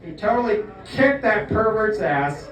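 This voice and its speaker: A man's voice: high voice, lively intonation, a little slow. A man telling a comic story with mock earnestness, often tagging lines with "okay?". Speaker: comedian. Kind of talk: comedic storytelling monologue. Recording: echoey room, far from the mic.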